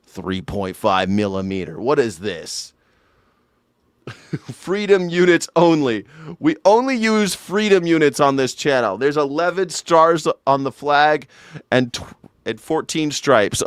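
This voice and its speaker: A man's voice: medium pitch, clean tone, no room sound. A man in a comedic rant, mock-outraged and sarcastic, swearing as he reacts to a news clip on a studio mic. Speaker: commentator. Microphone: studio mic through a mixer.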